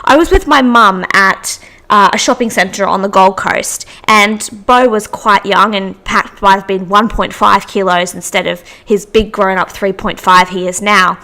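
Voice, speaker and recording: A woman's voice: mid-range voice, fairly even intonation, normal speed, bright, forceful tone. A young woman hosting a podcast, chatting through anecdotes with frequent restarts. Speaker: podcast host. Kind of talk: casual storytelling monologue.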